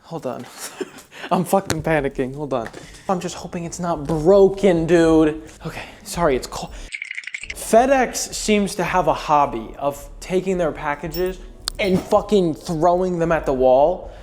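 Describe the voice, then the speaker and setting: A man's voice: on the high side, a little slow, a little mellow, slight background noise. Dramatic, self-mocking young man vlogging. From United States. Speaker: streamer and vlogger. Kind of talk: casual vlog chat. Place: at home, setting up a computer.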